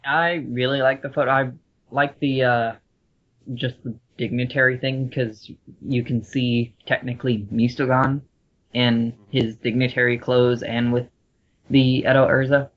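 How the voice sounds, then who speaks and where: A man's voice: mid-range voice, little pitch movement, unhurried. A man on a podcast panel, chatting casually and rambling with many fillers. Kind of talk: casual group podcast chat. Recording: dull lo-fi audio.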